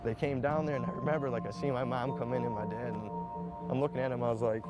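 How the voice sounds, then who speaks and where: A man's voice: mid-range voice, fairly even intonation, quick pace. A young man telling his own story candidly, rambling with lots of "like" and acted-out quotes. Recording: played clip with loud background music. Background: music.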